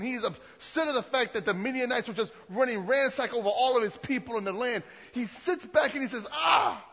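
A high-pitched man with a husky voice preaches a sermon, rambling and conversational, often restarting his sentences. The sound carries a long hall echo and is dull and lo-fi. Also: fairly bright tone. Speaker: pastor.

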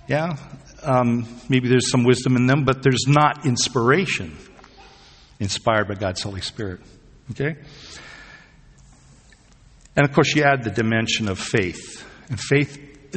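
Husky preacher in a reverberant hall. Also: male voice, medium pitch. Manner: conversational, asks the congregation questions. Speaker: pastor. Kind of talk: sermon.

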